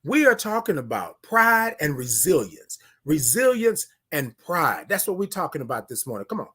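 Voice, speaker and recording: A livestream morning show host gives an emphatic, preachy motivational talk, repeating key phrases and greeting viewers by name between points while speaking straight to them. The mid-range voice is very animated, rising and falling with lots of life, at normal speed, a bit bright and slightly rough.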